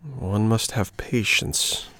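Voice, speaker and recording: A man's voice: lowish voice, slow, bright, forceful tone, no echo, full character voice. A man voicing a hungry, fretful wooden puppet boy who whines and wails stubbornly. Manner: whiny, wailing, stubborn.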